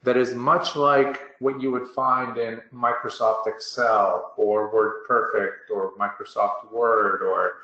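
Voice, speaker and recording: A man presenting a software product demo in a webinar, upbeat and casual with a salesy confidence. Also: medium pitch, fairly even intonation, takes it slowly, few pauses. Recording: dull, roomy online webinar audio.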